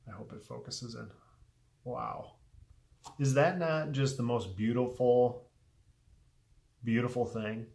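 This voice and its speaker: A man hosting a casual unboxing vlog, speaking earnestly and heartfelt, a little emotional, often trailing off softly with ums between thoughts. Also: medium pitch, slow, gravelly, long pauses. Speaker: pipe tobacco video host.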